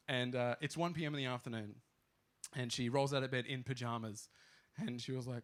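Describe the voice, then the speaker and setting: A man's voice: mid-range voice, fairly even intonation, brisk. A young Australian man from Queensland telling a rambling, self-deprecating stand-up story with lots of fillers. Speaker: stand-up comedian.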